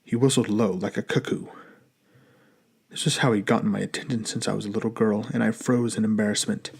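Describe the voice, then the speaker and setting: A man narrating an audiobook in a measured, even storytelling manner. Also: lowish voice, creaky, breathy edge.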